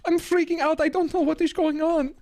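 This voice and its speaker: Man putting on a shrill frantic old grandpa. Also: level tone, brisk, darkish tone, no echo. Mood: panicked. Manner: frantic, broken grammar, nervous laughs. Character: panicky elderly male grandpa, broken English. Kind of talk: live-streamed game role-play.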